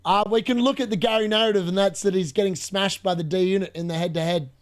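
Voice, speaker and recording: Man, young adult, high voice, excitable live match watch-along, laughs a lot. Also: quick pace. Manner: excitable, laughs often, talks to chat. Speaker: fantasy football streamer.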